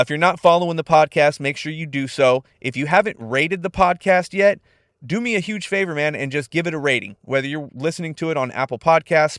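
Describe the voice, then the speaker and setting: A young man from California hosting a casual solo podcast, laid-back, profane and animated. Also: a little high, dry recording, clean studio sound. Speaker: podcast host.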